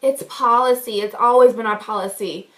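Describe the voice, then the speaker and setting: A woman vlogger quoting a curt female bank teller who cites the rules in a flat, officious way. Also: on the high side, moderate pace, lightly acted, low-quality recording.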